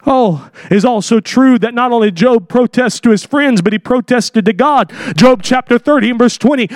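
Impassioned high-voiced male preacher. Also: expressive, normal speed, hardly any pauses, dry recording, clean studio sound. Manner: impassioned, rising to shouts on scripture; reads scripture in old-fashioned wording. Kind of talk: sermon.

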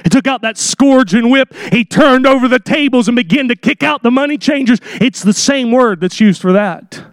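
A man preaching a sermon with dramatic delivery, acting out the people in his story and rising to shouts at his key points. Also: sits high, moderate pace, no echo, clean studio sound.

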